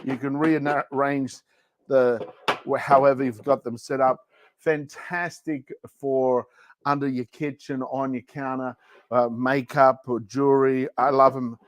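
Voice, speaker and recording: A man hosts a casual livestream shopping show, speaking in a mid-range voice that's flat and a little slow. Between product demos he chats playfully, joking and rambling.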